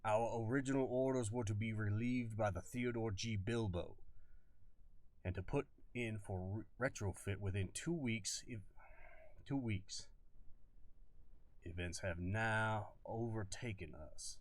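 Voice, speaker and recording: Man reading as a stern old colonel, put-on Southern drawl, formal and halting, low voice, dry close sound. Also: no room sound, lightly acted. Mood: stiff. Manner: halting, repeats words, stiff formal delivery.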